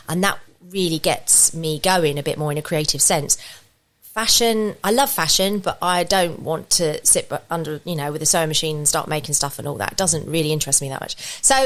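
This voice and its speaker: Chatty English woman telling stories. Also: sits low. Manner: chatty storytelling, rambling with restarts. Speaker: podcast guest, saxophonist. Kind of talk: casual podcast chat. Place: podcast studio. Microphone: studio podcast mic.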